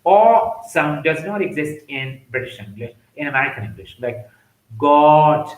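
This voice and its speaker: A man teaching English pronunciation, slowly repeating example words one by one. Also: on the high side, sing-song, echoey room, soft background music, poor audio. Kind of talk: pronunciation lesson.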